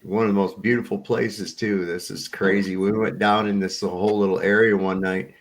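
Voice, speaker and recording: A man's voice: on the low side, little pitch movement, normal speed. A man chatting loosely on a podcast, telling stories with laughter and swearing. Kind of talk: casual chat, storytelling.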